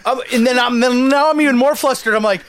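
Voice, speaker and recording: A man's voice: very high-pitched, fast, smooth. A man co-hosting a casual podcast, telling a story, stammering and swearing as he gets heated. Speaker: podcast co-host.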